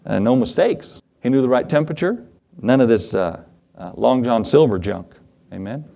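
A man preaching a sermon to his congregation, animated, acting out Bible scenes in quoted voices. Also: mid-range voice, moderate pace, vocal fry. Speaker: pastor.

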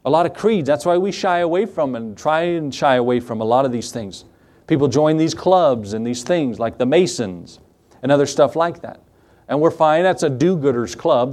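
A man's voice: a little high, a little mellow. A man preaching a sermon as pastor to his congregation, earnest and often asking them questions. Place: church.

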